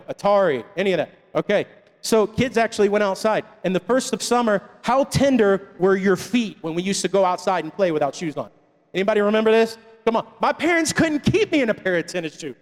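A man in his thirties preaching a sermon as a pastor, calling out to the congregation for responses. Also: sits high. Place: church hall. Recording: long reverb of a church hall.

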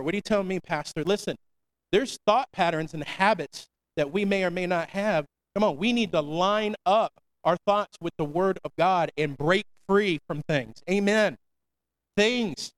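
Male pastor, high and ringing, energetic call-and-response sermon delivery. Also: clean tone, low-quality recording. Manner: energetic call-and-response preaching, repeats "come on".

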